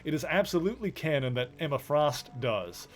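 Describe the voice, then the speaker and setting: A man's voice: on the high side, big pitch swings, a little fast. A male streamer giving casual commentary as he plays a video game, thinking aloud in a chatty, rambling way.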